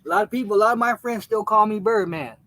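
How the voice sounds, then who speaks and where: A man's voice: high-pitched, quick pace, a bit bright, no echo, poor audio. A man in his forties, a gaming streamer telling stories on a casual live stream in a laid-back, slangy way, swearing freely and greeting his chat.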